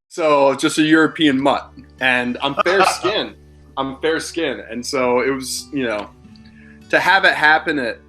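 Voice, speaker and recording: A man's voice: mid-range voice, fairly bright tone. A man in his thirties from Philadelphia, a podcast guest in casual chat, telling rambling, candid stories and swearing freely. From Philadelphia, USA.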